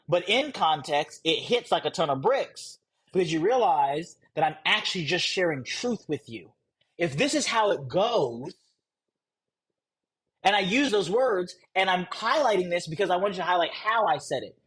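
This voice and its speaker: A young man teaching a live sales course, blunt and conversational, deliberately changing his pace and tone to make his points. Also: high voice, sing-song, a bit bright, breathy edge. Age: young adult. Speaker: sales coach.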